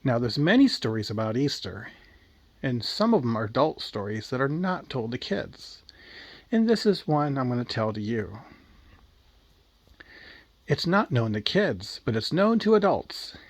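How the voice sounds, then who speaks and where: A man voicing a sharp-tongued, vengeful old grandmother who scolds and tells a grisly tale. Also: mid-range voice, big pitch swings, unhurried, long pauses, no room sound. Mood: storytelling.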